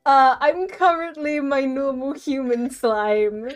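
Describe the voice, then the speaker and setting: A woman's voice: sits high, steady tone, takes it slowly, music in the background. A woman player chatting and giggling with her group on a live stream. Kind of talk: casual stream chat.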